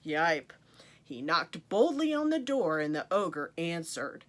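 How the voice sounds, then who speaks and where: A woman's voice: fairly low pitch, very animated, takes it slowly, fairly bright tone. A woman reading a picture book aloud to children, with playful asides to her young listeners. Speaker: storytime reader.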